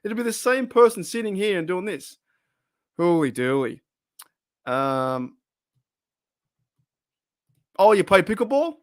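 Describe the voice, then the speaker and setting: A man's voice: high voice, animated, measured pace, long pauses, dry recording, clean studio sound. Rambling man in his thirties. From Australia. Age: 30s. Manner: rambling, repeats himself, swears casually. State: voice wearing thin. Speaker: livestream host. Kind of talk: casual livestream chat reading comments.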